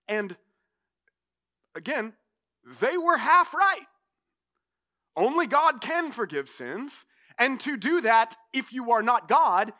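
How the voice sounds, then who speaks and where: A man with a high, bright voice preaches to his church. He talks in a loose, conversational way, full of "like" and quick asides. His delivery stays animated and easygoing. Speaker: pastor. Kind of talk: sermon.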